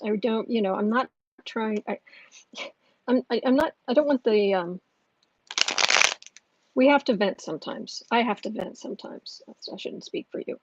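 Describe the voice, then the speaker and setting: A woman's voice: on the high side, moderate pace, long pauses, darkish tone, lo-fi sound, slight background noise. Worked-up woman venting on a livestream. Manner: heated, ranting, frequent restarts. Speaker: tarot reader and channel host. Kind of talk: livestream tarot reading with chat.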